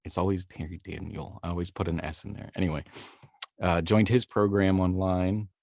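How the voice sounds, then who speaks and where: A man's voice: sits low, fairly even intonation, moderate pace, vocal fry, a little mellow, dry recording, studio quality. A man, a voice actor, telling his story in a rambling, self-deprecating way during a casual interview, laughing easily. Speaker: voice actor guest.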